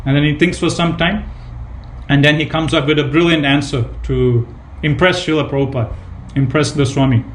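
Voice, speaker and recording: A man's voice: fairly high pitch, steady tone, fairly quick, a little hiss or hum. A man giving a devotional scripture class, retelling anecdotes with emphatic repetition and casual fillers. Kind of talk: devotional sermon with retold anecdotes.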